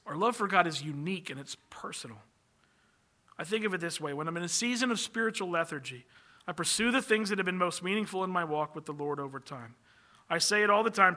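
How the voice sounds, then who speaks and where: A man's voice: sits high, bright, forceful tone. A man preaching a sermon from the pulpit, earnest and emphatic, building long lists as his energy rises. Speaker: pastor.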